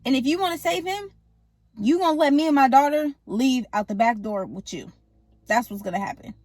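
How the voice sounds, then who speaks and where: A woman's voice: high voice, lively intonation, a little mellow, no room sound. Woman voicing a slangy killer dad. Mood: threatening. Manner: casual slangy threats, drawn-out taunts. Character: menacing middle-aged male serial killer father.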